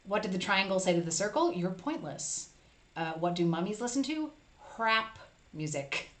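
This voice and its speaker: A woman's voice: medium pitch, sing-song, a little fast. A woman hosting a casual live stream, chatting with viewers and reading their comments aloud.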